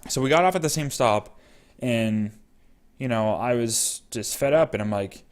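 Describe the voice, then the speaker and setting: A man's voice: mid-range voice, moderate pace, clear, resonant tone. Rambling young man telling a story. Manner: rambling with many fillers. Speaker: vlogger. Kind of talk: casual storytelling.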